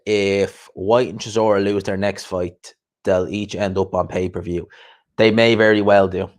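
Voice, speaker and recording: Swearing and repeating himself often, this chatty host laughs easily as he runs a casual livestream chat. His voice sits on the low side.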